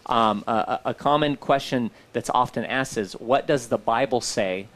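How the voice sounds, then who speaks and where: A man's voice: mid-range voice, normal speed, fairly bright tone. A man co-hosting a talk show, speaking earnestly and reflectively with frequent fillers. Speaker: co-host. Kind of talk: casual talk-show chat.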